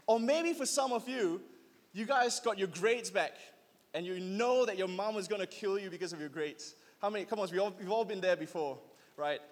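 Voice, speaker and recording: Youth pastor, man in his 30s, high voice, urges call-and-response; hall reverb. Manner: lively, urging the crowd to call back. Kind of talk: sermon.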